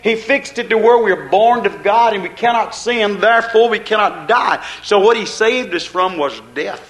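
Male preacher, high pitch, rhythmic sermon delivery with emphatic repetition. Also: moderate pace, a bit bright.

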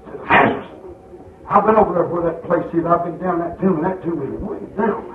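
A man preaching a fiery sermon, shouting and stretching words for emphasis. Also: fairly high pitch, fast, a little hiss or hum. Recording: echoey hall, far from mic, tinny lo-fi.

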